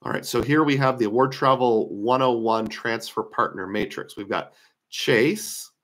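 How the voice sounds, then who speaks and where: In a casual screen-share lecture about credit card points, a man talks through his opinions, thinking aloud with fillers. His voice is medium-pitched, a bit bright, and slightly worn, and he speaks at a moderate pace.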